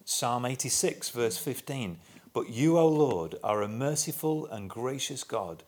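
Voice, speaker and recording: A man preaching a sermon, talking through scripture in an unhurried, reflective way and reading verses aloud with emphasis. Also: mid-range voice, lively intonation, a little mellow.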